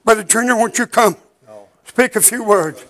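An older man preaching a chanted sermon in a rhythmic, drawn-out cadence, out of breath and wheezy. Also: high voice, fairly bright tone, rough recording.

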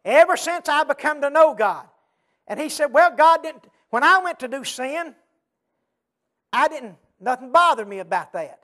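A man preaching a chanted sermon, with a rhythmic sing-song delivery full of repeated refrains and breathy "uh"s. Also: very high-pitched, expressive, normal speed, sharp tone.

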